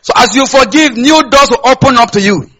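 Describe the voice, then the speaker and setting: A Nigerian man preaching a sermon in a high, husky voice. He talks straight to the congregation and keeps asking them questions so they answer back. His accent is plainly Nigerian. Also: a little fast, a bit bright, poor audio. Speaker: pastor.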